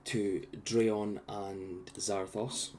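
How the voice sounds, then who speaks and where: A man runs a tabletop game, narrating in a relaxed, rambling way with plenty of fillers. His voice is low and his pace is slow. A faint hiss sits behind him. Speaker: game master.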